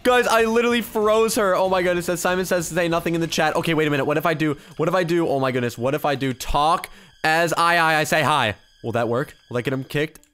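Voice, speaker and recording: A young man giving excited gameplay commentary, quick to yell and laugh, with loudness that swings fast. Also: fairly high pitch. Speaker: gaming YouTuber.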